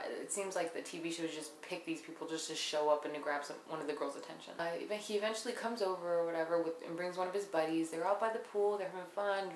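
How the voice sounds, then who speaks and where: Young woman, low-ish voice, sarcastic profane recapper, echoey room, faint noise behind. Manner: profane, blunt, sarcastic, mimics people she quotes. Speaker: reality TV recapper. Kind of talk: casual episode recap. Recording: roomy with faint background noise.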